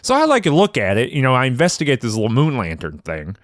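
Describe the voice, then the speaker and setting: A man's voice: medium pitch, fast, no room sound. A man co-hosting a gaming podcast, recorded dry and close with almost no room sound. His voice rises and falls freely as he tells his playthrough in a playful, jokey way. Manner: playful, animated storytelling. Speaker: podcast co-host. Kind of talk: casual gaming chat.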